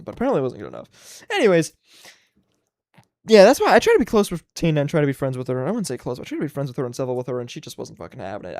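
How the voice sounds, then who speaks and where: Profane ranting young man, very lively pitch. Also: no room sound, studio quality. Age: 20s. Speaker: livestream host. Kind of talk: casual solo livestream rant.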